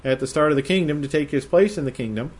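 This is verse-by-verse Bible teaching from a man whose voice is on the high side and slightly rough. He stays measured and explanatory, easing his pace to emphasize quoted phrases.

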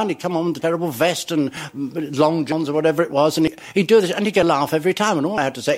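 A man's voice: on the high side, animated, racing, hardly any pauses. An older man, an entertainer telling chuckling stories about his career and acting out the people in them. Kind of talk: anecdotal storytelling.

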